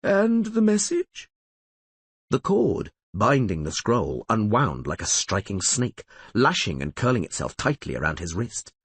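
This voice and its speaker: A man narrating an audiobook in a dramatic, expressive reading style. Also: deep voice, moderate pace, few pauses, slightly rough, dry recording.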